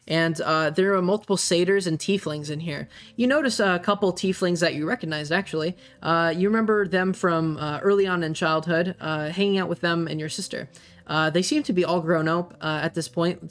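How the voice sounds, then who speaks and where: A game master describing the scene in a hesitant, meandering way, with frequent pauses, over soft music. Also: medium pitch. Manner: hesitant, many fillers. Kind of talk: narrating a tabletop game.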